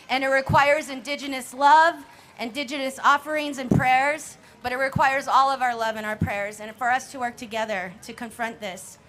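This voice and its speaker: A woman from the Navajo Nation giving an impassioned speech at an outdoor protest rally, at times shouting. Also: high-pitched, fairly even intonation, normal speed. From Navajo Nation, US Southwest. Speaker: rally speaker.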